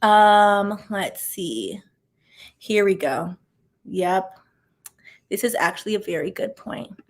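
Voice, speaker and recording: Chatting on her channel, a woman in her thirties who used to be an attorney responds to viewer comments, darting off on quick tangents and leaning on filler words. She speaks at medium pitch in an animated way.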